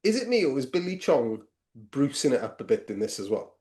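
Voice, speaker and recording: A man co-hosting a casual film podcast, animated and swearing freely. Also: medium pitch, brisk. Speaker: podcast co-host.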